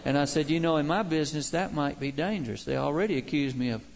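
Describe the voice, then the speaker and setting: An older man preaching a sermon as pastor, stressing key words by slowing down, with folksy humorous asides. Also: on the high side, gravelly.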